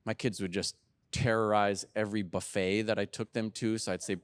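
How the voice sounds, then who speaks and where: A middle-aged man giving a keynote talk, telling lively family anecdotes and acting out what people said. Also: lowish voice, fairly quick, smooth, no room sound. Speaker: keynote speaker. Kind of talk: storytelling talk.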